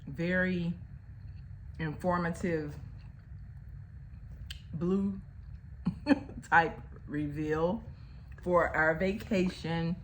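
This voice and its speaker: A woman talks to her camera in a relaxed, unhurried way, her voice sitting low. She speaks chattily, with folksy asides and fillers. A faint hum of room noise sits behind her. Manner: chatty, uses "y'all" and fillers. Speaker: vlogger. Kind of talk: casual chat to camera.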